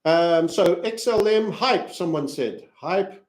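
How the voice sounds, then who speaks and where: A man from Africa hosts a crypto chart analysis video in a fairly high voice. He rambles from point to point and cracks jokes. He also plugs his own community along the way. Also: animated, slow pace. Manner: rambling, jokey, self-promoting. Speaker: crypto trading analyst and channel host.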